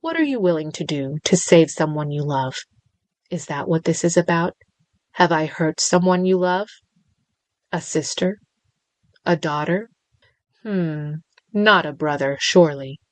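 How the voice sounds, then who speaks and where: A woman's voice: low-pitched, unhurried, long pauses, no echo. A woman voicing a smug male crime boss villain with a lilting, sing-song voice, teasing and crooning with mock sympathy.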